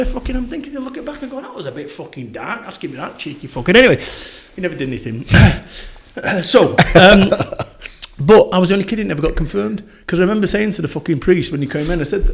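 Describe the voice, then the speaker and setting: A man's voice: high voice, fast talker, vocal fry. Blunt, sweary Northern English man. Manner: blunt, sweary, animated storytelling. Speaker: podcast guest, motivational speaker. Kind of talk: casual conversational interview.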